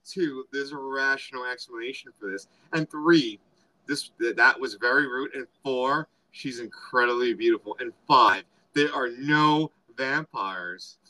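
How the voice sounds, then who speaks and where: Male co-host, bright and rambling, casual retelling of film scenes. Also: medium pitch, normal speed, rough recording. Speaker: podcast co-host. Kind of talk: casual movie review chat.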